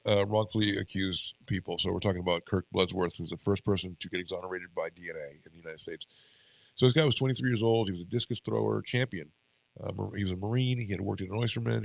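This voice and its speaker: A deep, gravelly man with a stuffy nose talks through a podcast episode, reading from notes and stumbling over words. He often breaks off to chat. His voice is close and dry, with no room sound. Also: no echo, rough recording. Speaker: podcast co-host. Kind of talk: casual podcast commentary, reading notes aloud.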